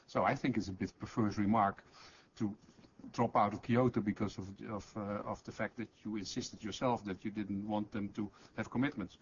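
A man's voice: on the low side, fairly even intonation, moderate pace. A man on a discussion panel, making an earnest point-by-point rebuttal in slightly non-native phrasing. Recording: dull lo-fi conference recording, faint noise.

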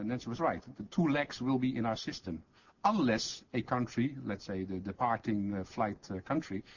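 A man on a discussion panel, making an earnest point-by-point rebuttal in slightly non-native phrasing. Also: mid-range voice. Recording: dull lo-fi conference recording, faint noise.

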